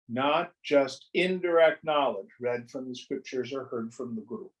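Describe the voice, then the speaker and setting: A man teaching a study group on a spiritual text, speaking slowly and deliberately and sometimes acting out little dialogues. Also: medium pitch, poor audio.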